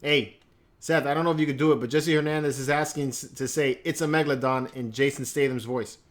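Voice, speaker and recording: A man's voice: medium pitch, fairly even intonation, fast talker. A man co-hosting a casual live show, throwing in chatty remarks and reading viewer comments aloud. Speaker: podcast co-host reading chat. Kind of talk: casual livestream chat.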